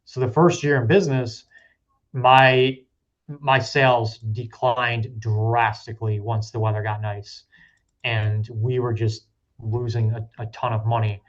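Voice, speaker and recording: Business founder guest, male, mid-pitched, relaxed and reflective, on dull lo-fi audio. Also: a little slow. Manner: relaxed, reflective, with frequent fillers and restarts. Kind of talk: casual interview answers.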